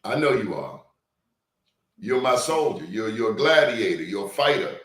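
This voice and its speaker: Male interview host, emphatic and deliberate, recorded with noticeable room echo. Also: fairly low pitch, big pitch swings, a bit bright. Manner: emphatic, deliberate, repeats words for stress. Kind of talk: hard-hitting interview. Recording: roomy echo.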